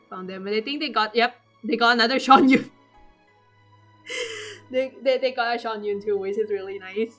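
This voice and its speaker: A woman recapping her game pulls in casual commentary, excitable and swearing, acting out her own squeals. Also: medium pitch. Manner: trails off with fillers and restarts. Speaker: gaming vlogger. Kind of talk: casual gaming commentary over gameplay.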